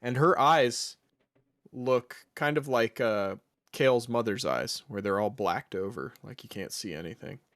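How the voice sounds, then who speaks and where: A man's voice: medium pitch, unhurried, a bit bright, no echo, studio quality. A man narrating a tabletop game as dungeon master, casual and hesitant, with many fillers.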